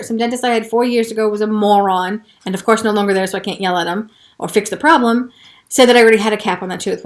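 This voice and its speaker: Speaking in a mid-range voice, the host recounts a personal story on her podcast, swearing openly as her hushed telling gives way to heated frustration.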